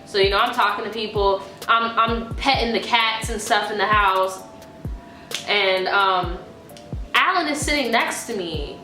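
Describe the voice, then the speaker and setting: Bright-voiced young woman telling a story. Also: mid-range voice, a little slow. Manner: profane, animated. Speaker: vlogger. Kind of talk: casual storytime. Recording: echoey room, faint music.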